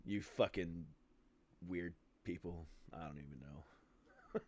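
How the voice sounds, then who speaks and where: A man's voice: low-pitched, slow, a little hiss or hum. A man hosting a podcast interview, joking and laughing in casual banter with a habit of swearing. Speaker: podcast host.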